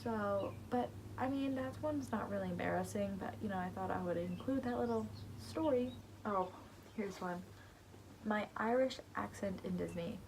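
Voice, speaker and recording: Over a noisy background, a teenage girl with a mid-range voice talks at normal speed in her vlog, recounting embarrassing moments. Her casual storytelling is chatty and rambling, packed with "like" and side tangents.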